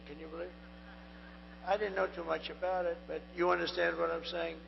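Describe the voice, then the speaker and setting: An older man with a strained, hoarse voice gives a rambling, repetitive rally speech into a podium microphone at a large venue. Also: on the high side, level tone, moderate pace. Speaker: political candidate. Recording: echoey lo-fi venue sound with mains hum.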